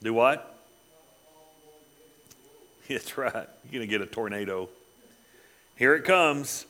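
A man preaching a sermon, reading scripture dramatically and dropping to quiet, pointed asides. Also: medium pitch, lively intonation, takes it slowly, pauses often.

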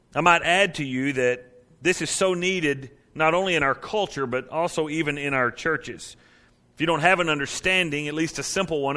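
A middle-aged man preaching a sermon as pastor, emphatic and slowing down to stress key words. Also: a little high, pushed and bright.

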